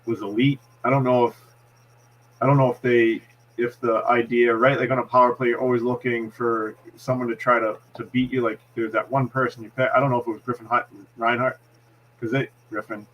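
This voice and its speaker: A man's voice: medium pitch, flat delivery, brisk, muffled recording. A man with a Boston accent, a hockey analyst giving a postgame breakdown, explaining plays step by step with frequent restarts. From Massachusetts.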